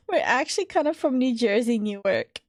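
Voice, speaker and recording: A woman's voice: a little high, no echo, clean studio sound. A woman co-hosting a casual stream, teasing her partner, swearing and laughing often. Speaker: streamer co-host.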